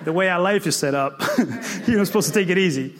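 A man's voice: high-pitched, fairly quick, big-room sound, crowd noise, pitched below the performer's own voice, natural voice. A man voicing timid, fretful Fear. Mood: worried. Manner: hesitant, worried questioning. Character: timid fretful personified fear, a cautious male friend.

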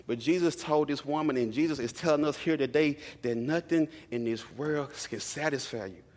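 A man's voice: a little high, normal speed, a little mellow. A young man preaching a sermon in a casual, conversational way, telling stories and repeating lines for emphasis. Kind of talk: storytelling sermon. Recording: long hall reverb.

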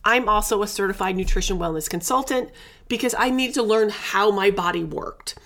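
A woman's voice: mid-range voice, normal speed, fairly bright tone. A middle-aged woman hosting a casual wellness podcast, talking candidly and chattily and dropping in endearments and the odd swear word. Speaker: podcast host.

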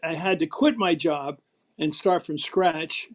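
A man's voice: fairly high pitch, measured pace. An older man from Philadelphia with a Philadelphia accent, a guest in an interview, talking emphatically and telling stories, acting out the quotes he tells. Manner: emphatic, storytelling, acts out quotes. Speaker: guest, former TV political host. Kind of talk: animated interview talk.

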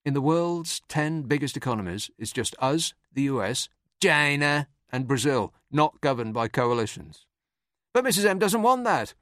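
A man's voice: fairly high pitch, sing-song, normal speed, fairly bright tone, no echo. A man hosting a podcast, delivering a dry, sardonic scripted comic monologue. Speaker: podcast host.

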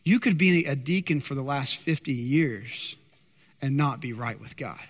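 A man preaching a sermon as pastor, impassioned and animated, acting out worried disciples with a lifted voice. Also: unhurried. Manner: impassioned, acts out anxious disciples in higher voice. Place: church sanctuary. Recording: long hall reverb.

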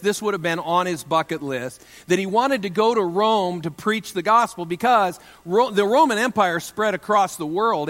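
A man's voice: high voice, a bit bright, long reverb tail. A pastor preaching a sermon in a conversational, humorous way, with joking asides to his listeners.

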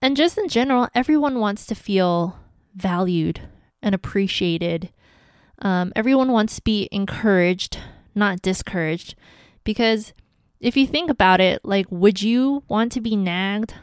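Slow, gentle woman giving advice. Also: medium pitch, expressive, clear, resonant tone, no echo, clean studio sound. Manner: earnest, gentle, encouraging. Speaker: podcast host giving relationship advice. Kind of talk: casual advice talk.

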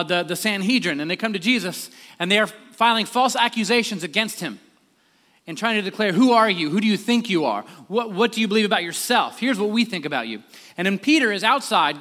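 A man with a high, bright voice preaching a conversational sermon, dotted with ums. His words ring out with a long hall reverb behind them, and he drops low and quiet for solemn points. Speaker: pastor.

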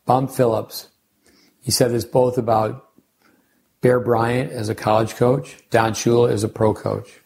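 A man's voice: mid-range voice, vocal fry, darkish tone, slight background noise. An older man, a tennis coach hosting a podcast, talking casually and rambling through coaching lessons and side stories. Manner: rambling, anecdotal, with restarts and sidebars.

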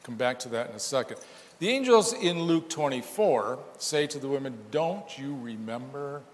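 A man's voice: mid-range voice, animated, normal speed, in a large hall. A man preaching a sermon as pastor, emphatic and full of rhetorical questions.

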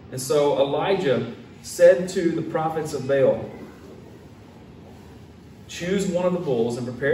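A man's voice: a little high, slight background noise. A man preaching a casual sermon, retelling a story and acting out the quotes in voices. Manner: animated, acts out quotes in character voices. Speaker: pastor. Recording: echoey room, mic at a distance, faint ambience.

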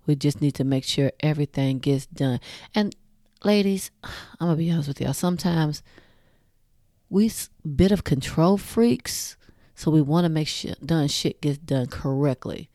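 A woman in her forties hosts a casual talk, speaking bluntly and swearing freely straight to her listeners. Her voice sits low and mellow. The recording is dry and close. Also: a little slow, dry recording. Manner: laughs at her own jokes. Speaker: podcast host.

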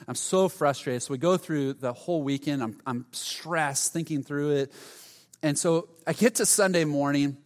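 A middle-aged male pastor preaching a sermon, telling stories with sudden loud outbursts. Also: medium pitch, normal speed. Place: church sanctuary. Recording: long hall reverb.

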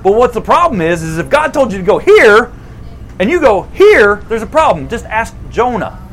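A man preaching a sermon as a pastor, conversational and animated, repeating phrases for emphasis. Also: sits high, moderate pace, slight background noise, rough recording.

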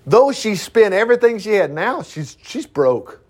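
Animated preacher, lively high voice. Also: male voice, moderate pace. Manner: animated, breaks off the reading for asides and exclamations. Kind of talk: sermon reading and commenting on scripture.

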